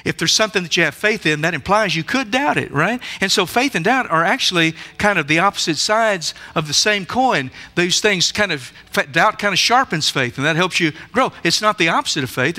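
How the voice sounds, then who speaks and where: Male preacher, sermon delivery, emphatic questioner, sharp bright tone. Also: high-pitched, expressive, fairly quick, hardly any pauses. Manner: emphatic, asks the listeners many rhetorical questions. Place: church sanctuary.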